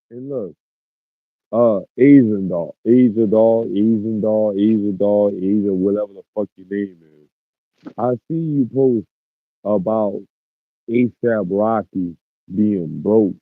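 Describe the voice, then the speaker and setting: A man hosting a casual podcast, loose and profane, who keeps circling back and repeating himself. His voice sits a bit low. It comes through a tinny, phone-like line with a dry, close sound. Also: no room sound. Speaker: podcast host.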